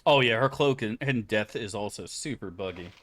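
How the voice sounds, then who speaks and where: Low-voiced, profane, rambling streamer. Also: male voice, moderate pace, fairly bright tone, a little hiss or hum. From Florida, USA. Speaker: game streamer. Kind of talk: casual chat while gaming.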